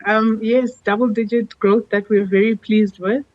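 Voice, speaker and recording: A woman executive answering news interview questions in a measured way, with many 'um' fillers. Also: mid-range voice, steady tone, darkish tone, no room sound, highs cut off. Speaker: company executive.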